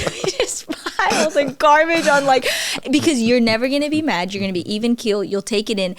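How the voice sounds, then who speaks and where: A woman's voice: mid-range voice, no room sound. A woman hosting a candid interview, affirming her guest and laughing easily. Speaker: host. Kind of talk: conversational interview.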